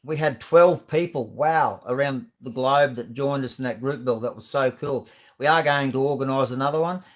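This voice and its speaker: A man's voice: medium pitch, moderate pace. Rambling Australian man hosting a live stream. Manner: rambling, friendly, lots of fillers and restarts. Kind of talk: casual live-stream chat reading comments.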